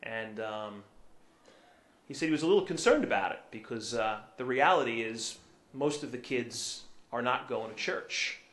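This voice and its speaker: A man preaching a sermon as a priest, telling a story in a relaxed way with many fillers and restarts. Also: mid-range voice, normal speed. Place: church. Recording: echoey church room.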